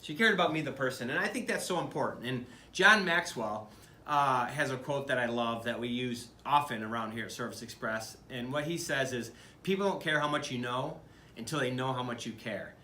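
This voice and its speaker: A man's voice: medium pitch, a little fast, sharp tone, echoey room, a little hiss or hum. A middle-aged man from Michigan, a business leader talking earnestly to camera in a conversational way, with many fillers and restarts. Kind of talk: speaking to camera about leadership.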